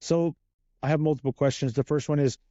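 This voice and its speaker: A man taking over as interviewer on a casual podcast, talking in an energetic, joking and playful way. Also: fairly high pitch, brisk, no echo, dull audio. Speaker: guest interviewer.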